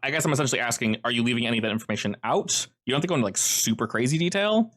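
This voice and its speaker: A man's voice: mid-range voice, lively intonation, rapid-fire, a bit bright. A man running a tabletop role-playing game as game master, narrating casually with fillers.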